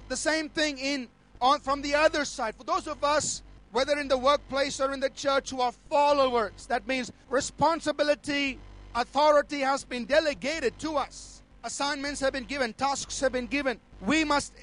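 A man's voice: very high voice, fairly bright tone. A middle-aged man, a pastor preaching a sermon emphatically and calling out to his audience.

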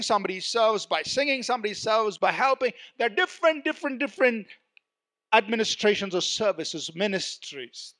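Male preacher, high-pitched and bright, dynamic verse-by-verse sermon delivery with call-outs to the congregation.

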